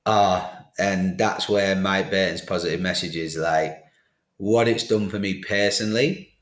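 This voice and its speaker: A man's voice: low-pitched, measured pace. A middle-aged man, a podcast guest, telling his life story candidly and acting out the conversations he recalls. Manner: animated, acts out quoted exchanges. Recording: roomy studio echo.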